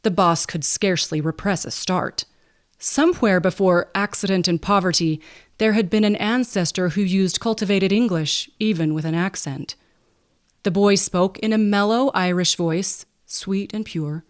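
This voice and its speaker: A woman narrating a classic novel in an even, unhurried storytelling manner. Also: medium pitch. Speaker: audiobook narrator and podcast host.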